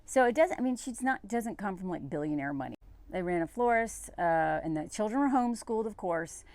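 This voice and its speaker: A woman reads an article aloud and reacts to it in a sarcastic, exasperated tone. Her voice is lively and swings up and down in pitch as she talks casually and directly to her viewers. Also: fairly quick, dry recording. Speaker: commentator.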